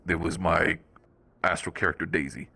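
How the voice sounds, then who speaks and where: A man's voice: deep voice, steady tone, normal speed, creaky, sharp tone, husky. A man chatting casually during a role-play game, rambling and swearing freely.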